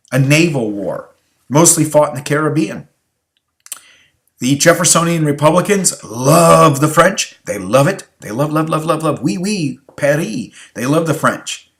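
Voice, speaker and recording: Repeating key phrases and posing rhetorical questions, a weary man runs through a history exam review in a recorded lecture. His voice is fairly high-pitched and a bit bright.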